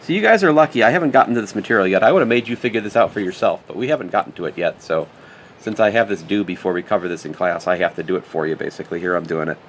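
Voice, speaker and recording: In this recorded math lecture, the instructor speaks in a deep voice at a rapid-fire clip, thinking aloud while he writes out a problem. He cracks jokes along the way and mutters corrections to himself, with slight background noise behind him.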